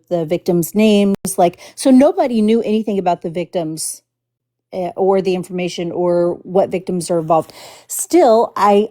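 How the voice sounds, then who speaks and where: Woman livestream host from the Houston area, unhurried, mellow, careful and hesitant delivery. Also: mid-range voice. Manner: halting and careful with words, many restarts. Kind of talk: casual livestream commentary.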